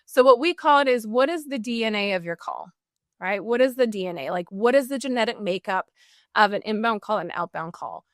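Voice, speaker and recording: A woman speaking as a customer service trainer in a podcast interview, animated and full of "like" and "right?". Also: mid-range voice, a little fast, no room sound, studio quality.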